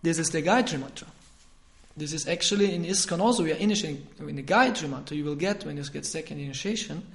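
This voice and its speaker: A man giving an informal scripture lecture, talking conversationally, chuckling often, pausing to correct himself, and moving between quiet asides and emphatic bursts. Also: on the high side, creaky. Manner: frequent hesitations and self-corrections.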